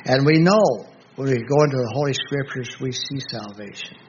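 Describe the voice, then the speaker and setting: A man preaching a Bible study sermon, reading scripture aloud slowly and pausing often to restart his thoughts. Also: mid-range voice. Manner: slow, halting, with many restarts and fillers; reads scripture aloud in a slow, measured voice. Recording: dull lo-fi recording with faint background noise.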